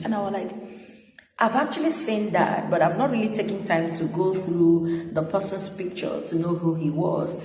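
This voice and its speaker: A woman's voice: on the low side, moderate pace, darkish tone. A woman news anchor, chatting animatedly as she tells a personal story with quoted dialogue. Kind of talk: casual storytelling vlog. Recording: echoey room with long reverb.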